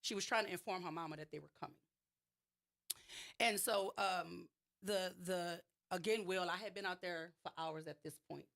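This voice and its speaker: Slightly low-voiced woman, New Orleans accent, radio guest, emphatic storytelling with restarts. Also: moderate pace, vocal fry, fairly bright tone. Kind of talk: radio interview, personal account.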